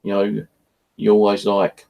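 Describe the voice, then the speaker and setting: A man's voice: lowish voice, monotone, unhurried, vocal fry, muffled recording. A man rambling in a casual evening chat, frustrated and swearing often as he vents. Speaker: vlogger. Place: at home, indoors.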